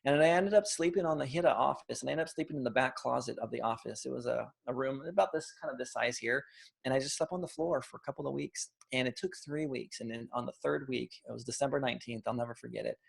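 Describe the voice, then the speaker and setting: Male guest, 30s, gravelly fry, animated storyteller acting out quotes. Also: medium pitch, fast talker. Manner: animated storyteller, acts out quotes, frequent restarts. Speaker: interview guest. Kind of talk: casual storytelling interview.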